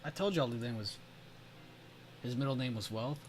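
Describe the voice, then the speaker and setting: A man's voice: mid-range voice, normal speed, noisy background. A man from the United States chatting casually on a livestream, reacting to chat messages and laughing often. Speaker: stream host.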